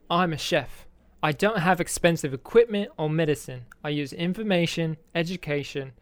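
Earnest English-accented male chef speech, put on by a man; measured delivery, dry close sound. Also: a little high, dry recording, lightly acted. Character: adult male celebrity chef giving an earnest talk.

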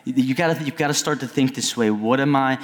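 A middle-aged male pastor preaching a sermon in a conversational style, at times climbing to near-shouting. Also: mid-range voice, fast talker. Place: church sanctuary. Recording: long reverb of a church hall.

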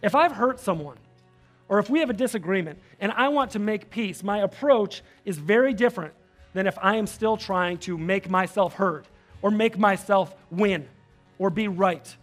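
A man preaching a sermon as pastor, animated, rising loud when fired up and dropping soft for prayers. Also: moderate pace, soft background music. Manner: drops soft and low for prayers.

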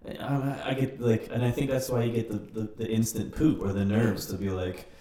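A man in casual podcast chat, telling rambling, animated stories with swearing. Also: medium pitch, fairly quick. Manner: rambling, animated storytelling with cursing. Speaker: podcast participant. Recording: roomy, distant mic with faint ambience.

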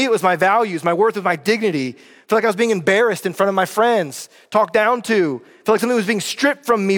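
A man's voice: high-pitched, fairly bright tone. A male pastor from North Carolina preaching a sermon in a conversational way, often checking in with his listeners. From North Carolina, USA. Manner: conversational, addresses listeners directly with frequent check-in questions. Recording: long hall reverb.

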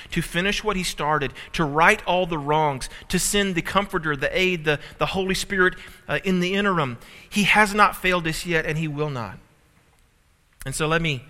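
A man's voice: a little high, normal speed, pushed and bright. A man preaching a sermon as pastor, telling a family story with humor and building emphasis. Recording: reverberant hall.

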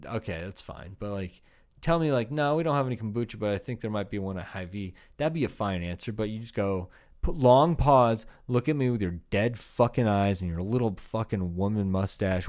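A man's voice: lowish voice, a little mellow. Rambling, profane man from Iowa. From Iowa, USA. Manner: rambling, profane, laughing asides, says dude. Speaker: comedian podcast host. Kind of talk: solo comedic rant.

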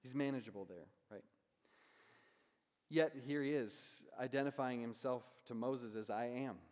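In a relaxed, conversational sermon, a male pastor keeps tagging his points with a questioning "right?" His voice is medium-pitched and unhurried, and a long reverb follows him as if he's speaking in a large sanctuary.

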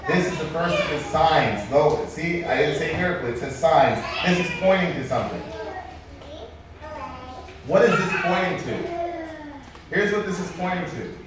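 High-voiced preacher in an echoey hall. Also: male voice, normal speed, pauses often, far from the mic. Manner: lively, joking asides to the congregation. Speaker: pastor. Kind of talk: sermon.

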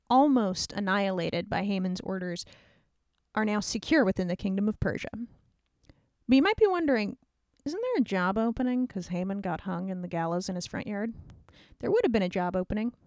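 A woman podcast host narrating an old story in a lively, slangy, conversational way. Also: medium pitch, no room sound, clean studio sound.

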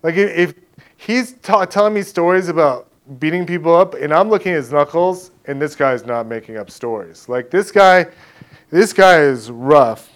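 A man's voice: fairly high pitch, normal speed. A male preacher telling a personal story to his congregation in a casual, conversational way, laughing often. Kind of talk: conversational sermon testimony.

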